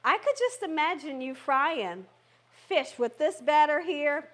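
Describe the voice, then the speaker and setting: High-voiced woman chatting away while she cooks live in her kitchen, encouraging her viewers. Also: lively intonation, measured pace, fairly bright tone. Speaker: cooking channel host. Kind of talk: live cooking stream chat. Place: home kitchen.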